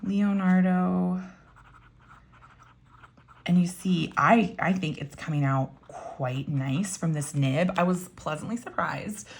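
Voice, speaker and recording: Low, gravelly woman chatting about pens. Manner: chatty, enthusiastic, many fillers. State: voice getting froggy. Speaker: pen and ink vlogger. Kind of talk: casual show-and-tell while writing.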